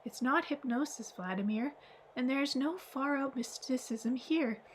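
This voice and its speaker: A woman reading the part of a gentle, wise old man in an audiobook, explaining calmly and patiently. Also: high-pitched, measured pace, a little hiss or hum, rough recording.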